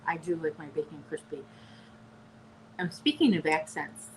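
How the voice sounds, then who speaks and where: A woman with a Chicago accent co-hosting a casual live chat, chatty and quick to laugh. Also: sits low, lively intonation, slight background noise, low-quality recording. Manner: chatty, laughs easily, coos at a pet. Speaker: co-host of a live chat stream.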